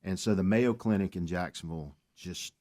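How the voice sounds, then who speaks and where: Low-voiced earnest man. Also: normal speed, darkish tone. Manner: earnest storytelling with faith remarks. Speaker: guest. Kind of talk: casual radio talk.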